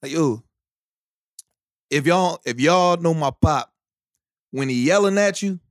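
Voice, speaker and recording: A man's voice: a little high, slow pace, no room sound, studio quality. A young man, animatedly telling stories and acting out quotes among friends. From Philadelphia. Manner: animated storyteller, acts out quotes, slangy. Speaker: podcast co-host. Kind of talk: casual storytelling among friends.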